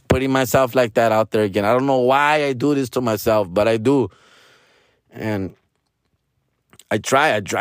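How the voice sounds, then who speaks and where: A man in his forties rambles through a casual, profane monologue, his voice worn hoarse and raspy. His voice sits on the low side, he mixes in Spanish slang, and he keeps tacking "fool" onto his lines. The recording is dry, with no room sound. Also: no echo. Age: 40s. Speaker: comedian.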